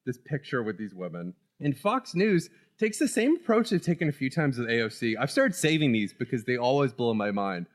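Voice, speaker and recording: Animated man chatting politics. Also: medium pitch, a little fast, few pauses. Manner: animated, laughs often. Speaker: podcast co-host. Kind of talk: casual political chat.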